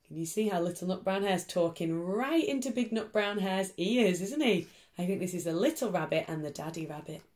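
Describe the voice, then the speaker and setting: A woman teacher reading a picture book to young children from her sofa at home, in a gentle, encouraging voice. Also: on the low side, expressive, brisk.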